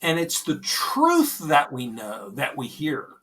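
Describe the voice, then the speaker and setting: Slow, earnest man, a bit off-mic. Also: medium pitch, wildly swooping pitch, slightly rough, distant mic. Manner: earnest, gentle, reassuring, with many "you know"s. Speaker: podcast co-host. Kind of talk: conversational faith talk.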